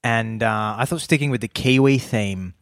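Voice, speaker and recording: A man's voice: mid-range voice, moderate pace, no echo, clean studio sound. A man from Australia co-hosting a comedy podcast, riffing playfully in casual chat. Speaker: podcast co-host.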